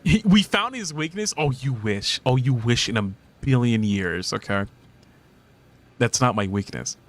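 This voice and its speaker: A man's voice: mid-range voice, animated, unhurried. A man in his thirties streaming casually, reading chat aloud, playful and teasing, laughing often.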